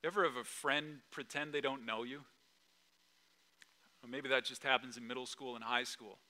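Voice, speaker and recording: A man preaching a sermon, retelling a Bible story with acted-out quotes and hushed, solemn pauses. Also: mid-range voice, fairly even intonation. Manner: storytelling, acts out quoted lines, drops to a hush at solemn moments. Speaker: pastor.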